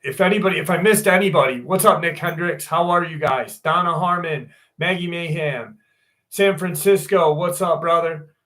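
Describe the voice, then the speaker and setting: Male livestream host, 40s, pitched a touch high, casual and foul-mouthed, reads listener stories aloud. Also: moderate pace, fairly bright tone. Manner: loose and profane, greets viewers by name.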